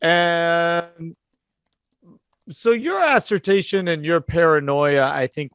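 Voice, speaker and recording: A man's voice: mid-range voice, a bit bright, no echo. A man running a tabletop role-play game as game master, easygoing and thinking aloud as he makes his calls.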